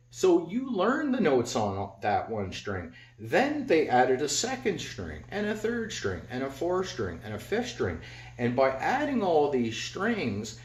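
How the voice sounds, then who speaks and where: A man giving a casual guitar lesson at home, talking bluntly and rambling, humming notes as he plays. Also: fairly high pitch. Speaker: guitar teacher. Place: home garage. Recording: roomy, dull lo-fi with loud guitar. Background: electric guitar playing.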